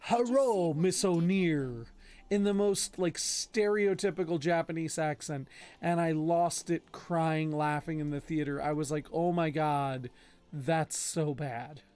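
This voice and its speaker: A man in his thirties chats casually while streaming a game, joking and scolding his in-game horse. His voice runs a bit higher than most men's. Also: fairly even intonation, unhurried, a little mellow, clear, resonant tone. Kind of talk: casual gameplay commentary.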